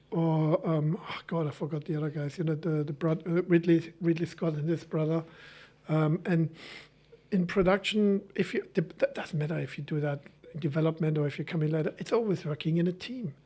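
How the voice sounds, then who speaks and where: A middle-aged man whose first language is German, a film lecturer talking casually and haltingly, correcting himself and laughing easily. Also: on the high side, steady tone, dark tone. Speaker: film school lecturer, guest. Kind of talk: casual conversation.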